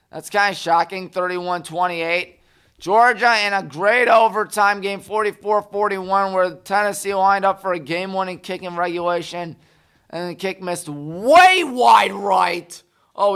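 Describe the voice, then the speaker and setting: A man's voice: fairly high pitch, sharp tone, clean tone. A man hosting a community TV sports talk show, rattling off scores with sarcastic, exasperated asides. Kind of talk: scores recap monologue. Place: community TV studio.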